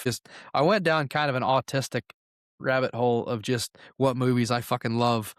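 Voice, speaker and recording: A man's voice: medium pitch, a bit bright, smooth, dry recording, clean studio sound. Blunt, cussing man with a Southern-sounding drawl. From northwest Ohio. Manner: blunt and profane, with laughing asides. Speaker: podcast co-host. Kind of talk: casual chat.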